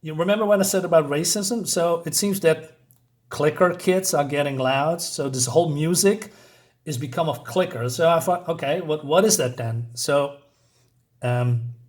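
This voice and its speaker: A man's voice: on the high side, moderate pace, a little mellow. A man casually reviewing a comic book, rambling, laughing often and talking through the panels.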